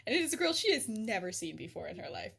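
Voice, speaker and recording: Giggly, breathy woman storyteller. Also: medium pitch, big pitch swings, quick pace, fairly bright tone. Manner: giggly, many filler words. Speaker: podcast host. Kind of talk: casual storytelling.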